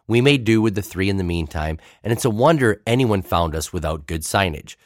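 A man's voice: low voice, animated, fairly quick, dry recording, studio quality. A man, a pastor, reading a wry personal story aloud.

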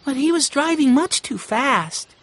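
A man voicing a timid young girl in a storybook reading, in a high, strained girlish voice. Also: expressive, a little slow, a bit bright, heavily acted. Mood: startled.

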